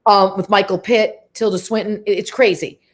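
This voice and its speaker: A middle-aged actress as an interview guest, chatting casually and laughing, who slips into quick impressions while telling stories. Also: female voice, medium pitch, steady tone.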